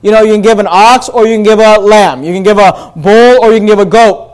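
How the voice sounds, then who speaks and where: A man's voice: sits high, a little fast, a little mellow, smooth, rough recording. A man preaching a verse-by-verse Bible lesson. He repeats himself, restarts phrases, and tells listeners which words to underline.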